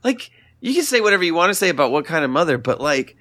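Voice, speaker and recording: A man guesting on a podcast as an author, talking in an animated, rambling way with lots of fillers and laughter. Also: fairly high pitch, quick pace. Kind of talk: casual podcast chat.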